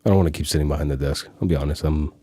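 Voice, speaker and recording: Un hombre de Chipre, locutor invitado en una entrevista de pódcast, que habla con seguridad y calma. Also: male voice, rumbling low, racing, breathy edge, dry recording. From Cyprus. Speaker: guest, voiceover artist. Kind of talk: casual podcast interview.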